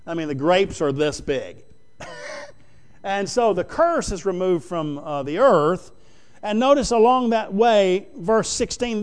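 A man preaching a sermon, reading scripture aloud with plain-spoken comments and frequent pauses and fillers. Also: sits high, expressive. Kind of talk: sermon, Bible exposition.

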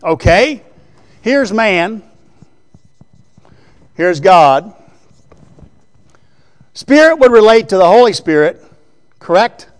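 A man with a high, very animated voice preaches a Bible teaching sermon slowly, leaving long pauses. He keeps it conversational, often checking in with listeners through rhetorical questions, and writes on a board as he teaches.

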